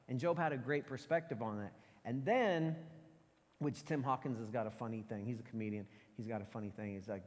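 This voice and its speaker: A man's voice: mid-range voice, brisk. A man preaching a casual sermon, telling Bible stories and acting out the voices of the people in them. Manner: casual, animated storytelling with acted-out quotes. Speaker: pastor. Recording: church hall with long reverb.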